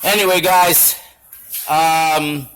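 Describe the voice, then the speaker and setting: A man's voice: a little high, steady tone, drawn-out words, a bit bright, smooth, soft background music, low-quality recording. A man working as a shop machinist gives an angry, blunt and profane demonstration to camera in his machine shop.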